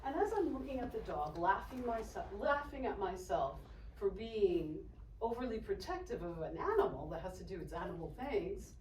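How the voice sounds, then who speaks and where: A woman from Haiti giving a testimony sermon, telling a story with animated delivery and acting out the voices of the people in it. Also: medium pitch, moderate pace, slight background noise. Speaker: speaker. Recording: echoey hall, distant mic.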